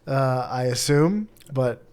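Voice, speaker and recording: A man co-hosting a podcast in casual chat, chatty and quick to laugh, sometimes stumbling over words. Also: medium pitch, lively intonation, a little mellow, smooth. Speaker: podcast co-host.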